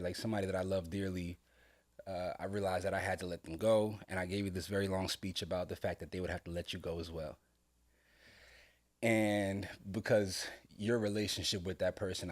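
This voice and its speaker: A middle-aged man talking earnestly with his son on a casual podcast, heartfelt and sometimes breaking into loud laughing storytelling. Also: fairly low pitch. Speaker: podcast co-host, father. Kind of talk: casual father-son conversation.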